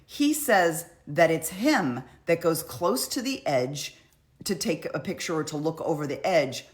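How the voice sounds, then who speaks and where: Low-voiced woman recapping a trial. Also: sing-song, a little slow. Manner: chatty, conversational, frequent "like" and "you know". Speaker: true crime commentator.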